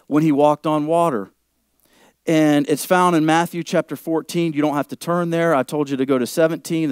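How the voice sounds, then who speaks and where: A male pastor preaching a sermon, often checking in with the congregation and growing louder and higher as he presses a point. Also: clear, resonant tone, dry recording, clean studio sound. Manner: preaching, rising loud and high when stressing a point; asks the congregation for agreement often.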